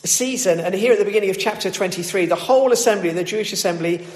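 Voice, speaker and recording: High-voiced preacher in an echoey hall. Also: male voice, fast, darkish tone. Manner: conversational with many fillers and restarts. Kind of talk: scripture reading and sermon.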